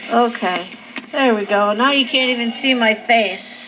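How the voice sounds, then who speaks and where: Loopy, medicated woman, high voice, very slow drawn-out delivery, noisy home camera audio. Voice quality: slow, drawn-out, slightly slurred talk. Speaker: vlogger. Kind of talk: casual home video. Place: home living room at night. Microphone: handheld camera.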